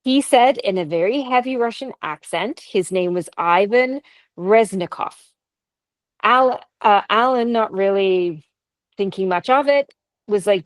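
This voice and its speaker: Ghost stories come in a casual, chatty style from a Canadian woman co-hosting a podcast, who laughs and adds asides along the way. She speaks at a medium pitch and measured pace; the recording is low-quality with no echo.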